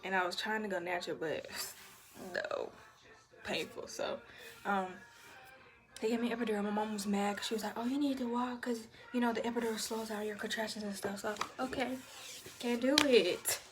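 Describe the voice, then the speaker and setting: A woman's voice: medium pitch, fairly quick. A young woman casually telling her birth story to the camera, candid and profane, acting out what others said. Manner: candid, profane, animated retelling with quoted voices.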